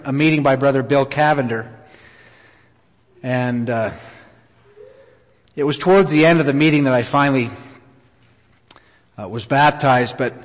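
Middle-aged male preacher, earnest and unhurried storyteller with many pauses, middle pitch, recorded with long church-hall reverb. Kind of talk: sermon with personal story. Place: church auditorium.

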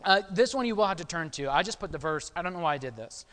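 A man's voice: a little high, lively intonation, fast talker, a bit bright, big-room sound. A man preaching a sermon in a conversational way, often checking in with his listeners. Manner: conversational, frequent "okay?" check-ins.

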